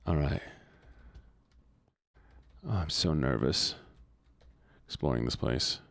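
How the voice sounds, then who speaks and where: A man's voice: a bass voice, slow, vocal fry, no room sound. A young man streaming a game, chatting casually with his chat, laughing and swearing often. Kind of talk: casual live-stream chat while gaming.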